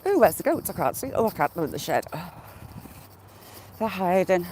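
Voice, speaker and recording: A woman with a low-leaning, very animated, darkish voice speaks at a moderate pace over slight background noise. Walking through fields and hedgerows with her phone on a gimbal and headphone wire, she live-streams, chatting with viewers by name and cooing at animals.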